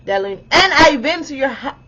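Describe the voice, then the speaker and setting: A woman in her twenties telling a story in a casual vlog, animated and exclamatory, swearing freely and talking straight to her viewers. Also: high-pitched, brisk, slight background noise. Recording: dull lo-fi audio.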